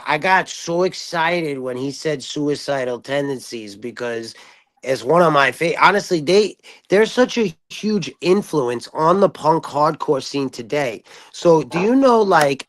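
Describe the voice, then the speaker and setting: Excitable rambling man, dry sound. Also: on the high side, a little slow, dry recording. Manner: excited, rambling, many restarts. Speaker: stream participant. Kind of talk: casual group chat on a live stream.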